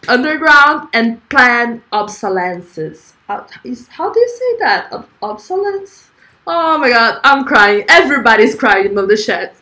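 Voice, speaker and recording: Woman, stream host, fairly high voice; chatty, giggly, stumbles and restarts. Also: fairly bright tone. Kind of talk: casual live-stream chat.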